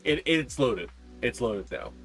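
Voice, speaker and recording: A man's voice: medium pitch, animated, measured pace, fairly bright tone, faint music behind. A man narrating a tabletop game as game master, describing scenes with frequent ums and uhs.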